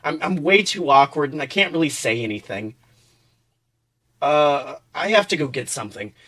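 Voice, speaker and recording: A man's voice: on the high side, expressive, normal speed, sharp tone. A man playing an awkward, flustered young man who speaks nervously and hesitantly.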